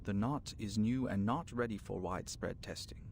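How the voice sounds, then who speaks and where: Man reading a stern, low-voiced official, formal and reproachful. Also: normal speed, creaky, darkish tone, slight background noise. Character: stern male foundation official.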